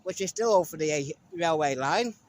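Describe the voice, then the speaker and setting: A man's voice: fairly high pitch, lively intonation, normal speed, slight background noise. A man from England chatting and joking to the camera as he walks through town streets. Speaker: vlogger. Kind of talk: casual walking vlog narration.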